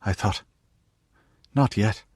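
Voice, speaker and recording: A man voicing an earnest young man, a reluctant hero who speaks quietly and bluntly, in an audiobook. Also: slow pace, no room sound, clean studio sound, close to an everyday voice.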